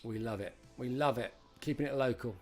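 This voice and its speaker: A man's voice: medium pitch, a little fast, a little mellow, soft background music. A middle-aged man hosting a live-streamed retro quiz, chatting and greeting viewers by name as he reads out questions. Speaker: host.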